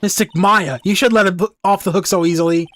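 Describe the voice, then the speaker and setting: A sweet, easily frightened little girl, as a man puts her on in a game playthrough. Her voice sits high and squeaky, with small leaps whenever she gets nervous. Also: brisk, lightly acted. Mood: earnest. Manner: high squeaky shrieks when scared. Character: young girl, timid, sweet and excitable.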